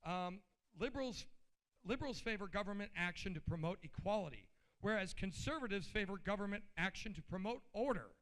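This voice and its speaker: A man with a high, light voice speaks at a convention podium, blunt and riled up. He talks in a loose, colloquial way and keeps jumping between plain explanation and heated outbursts. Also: lively intonation, a little fast, fairly bright tone. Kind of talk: informal political speech. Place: convention hall.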